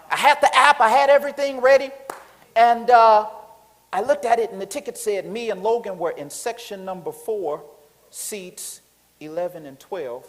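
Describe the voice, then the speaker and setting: A man preaching a sermon, animated and colloquial, telling stories to the congregation. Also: high-pitched, normal speed, poor audio.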